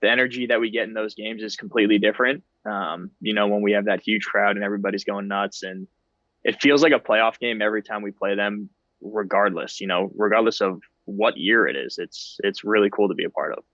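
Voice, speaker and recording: A man's voice: lowish voice, steady tone, fairly quick, fairly bright tone, dry recording, highs cut off. A man in his thirties, a guest on a podcast, talking in an easygoing, self-deprecating way. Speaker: guest ballplayer. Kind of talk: casual interview chat.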